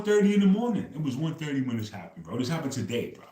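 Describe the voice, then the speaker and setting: Man, livestream host, casual rambling talk, constant "bro", ordinary pitch, reverberant room. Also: big pitch swings, fast talker, dark tone. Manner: loose storytelling, says "bro" after nearly every phrase.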